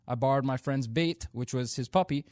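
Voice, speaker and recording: A man's voice: medium pitch, brisk, a little mellow, no echo, studio quality. A young man from India performing a stand-up comedy routine, telling stories in a playful, self-deprecating way.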